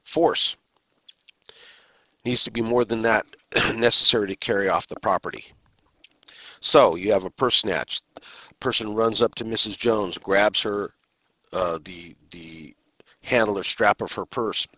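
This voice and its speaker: A man with a fairly low voice and a sharp, forceful tone gives a criminal justice lecture, speaking in a measured, deliberate way with pauses between phrases. The recording is close and dry, with no room sound.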